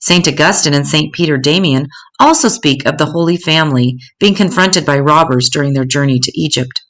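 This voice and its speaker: An older woman reading a story aloud in a gentle, measured way. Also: deep voice.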